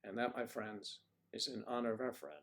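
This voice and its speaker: A man's voice: mid-range voice, fairly even intonation, fairly quick, fairly bright tone. A man hosting a casual livestream who rambles in a folksy way and answers viewer comments. He is from the Mid-Atlantic United States and speaks with no marked accent. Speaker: livestream host.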